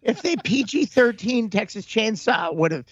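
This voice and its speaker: A man's voice: high-pitched, animated, moderate pace, no room sound, muffled recording. A man in his thirties co-hosting a podcast, swearing freely and mocking his partner in casual banter. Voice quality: gravelly, profane, teasing. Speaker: podcast co-host.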